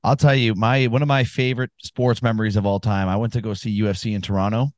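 A man's voice: fairly low pitch, fairly even intonation, fast, darkish tone, dry recording. A man co-hosting a casual sports podcast, telling rambling, profane stories and giving fight picks. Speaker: podcast co-host.

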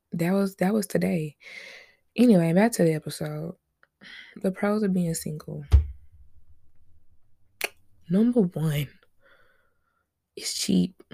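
A woman's voice: lowish voice, creaky, dark tone, breathy edge, dry recording, studio quality. A young woman hosting a solo podcast, chatting casually with lots of slang, rambling asides and frequent laughs. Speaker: podcast host.

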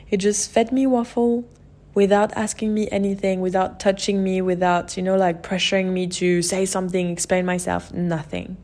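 A woman's voice: mid-range voice, flat delivery, moderate pace, darkish tone. A woman hosting a podcast, telling a personal story in an open, emotional way and often saying "like" and "you know". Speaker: podcast host.

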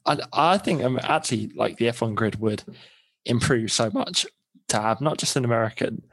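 A man's voice: medium pitch, animated, moderate pace, husky. A man co-hosting a podcast, chatting casually with a dry, joking manner. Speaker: podcast co-host. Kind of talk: casual chat.

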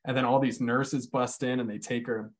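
A man's voice: mid-range voice, flat delivery, moderate pace. Candid man telling a hard story. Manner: candid, swears freely, many "like" fillers. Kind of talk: casual storytelling chat.

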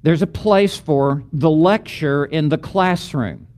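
A middle-aged man gives a preaching lecture in a high-pitched voice. He speaks slowly and deliberately, stacking emphatic, rhythmic lists of repeated phrases. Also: a little mellow. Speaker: seminary teacher of preaching.

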